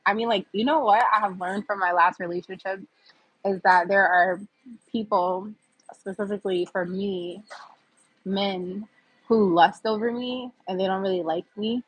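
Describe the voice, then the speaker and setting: A medium-pitched, husky female voice comes through a low-quality recording. The speaker, a livestream host in her fifties from the US East Coast, keeps a casual, candid chat going, reading viewers' comments aloud and laughing frequently.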